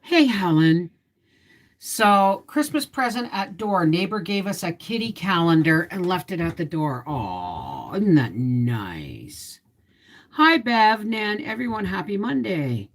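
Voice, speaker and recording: In her fifties, a woman hosts a casual livestream as a homestead vlogger, telling viewers a rambling, confiding story. Her medium-pitched voice is expressive and a little slow, and she sounds emotionally tired.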